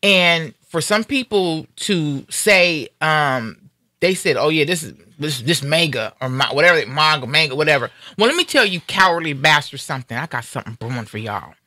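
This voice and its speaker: A fired-up African American woman holds forth on a live stream, her voice bright and forceful as she drives every point home. She talks casually but with fierce, emphatic anger. The sound is dry and close to the mic. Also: sits low, lively intonation, normal speed, no echo. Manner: angry, fiery, emphatic. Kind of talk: heated casual talk.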